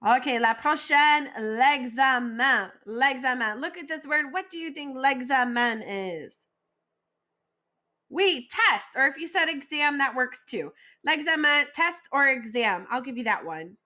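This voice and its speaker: A woman teaching a recorded French vocabulary lesson, slowly modeling each word and asking listeners to repeat after her. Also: high voice, lively intonation, sharp tone. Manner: slow, clearly modeled pronunciation with call-and-repeat drills.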